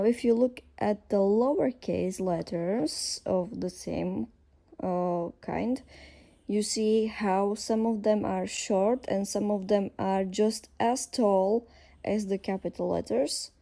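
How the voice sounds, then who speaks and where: A woman with a Slovak accent teaching a language lesson, explaining slowly with frequent fillers and pauses as she thinks aloud. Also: mid-range voice, creaky, warm tone.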